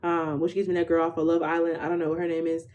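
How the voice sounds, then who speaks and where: Mellow-voiced young woman reading tarot. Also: deep voice, completely flat delivery, fast talker, slight background noise. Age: 20s. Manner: chatty, tags nearly every phrase with "okay?"; slangy, informal delivery. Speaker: tarot reader. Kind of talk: casual live tarot reading.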